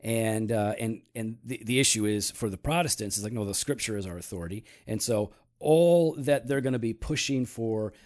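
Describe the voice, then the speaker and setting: A man hosting a casual talk show, explaining calmly with many fillers and teasing his co-host. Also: lowish voice, normal speed, hardly any pauses. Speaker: podcast host. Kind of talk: casual teaching talk about church history.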